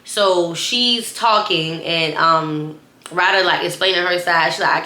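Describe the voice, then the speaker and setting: A woman's voice: fairly low pitch, slow pace, roomy sound. Rambling woman telling a storytime. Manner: rambling, animated, repeats herself, addresses viewers as y'all. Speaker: storyteller vlogger. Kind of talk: casual storytime.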